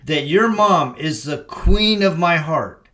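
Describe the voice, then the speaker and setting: Middle-aged male podcast host, reflective, with emphatic phrasing and a higher-pitched voice. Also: animated, slow pace. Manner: warm, reflective, preacher-like emphasis. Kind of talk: casual conversation.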